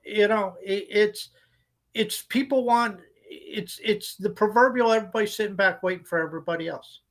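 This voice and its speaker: Podcast co-host, male, high voice, blunt profane ranter. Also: normal speed, fairly bright tone. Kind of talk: casual podcast chat.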